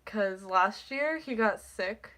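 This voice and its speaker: A woman's voice: medium pitch, animated, slow, bright, forceful tone. A teenage girl with a stuffy, congested nose, rambling casually on a live stream, full of "like" and casual swearing.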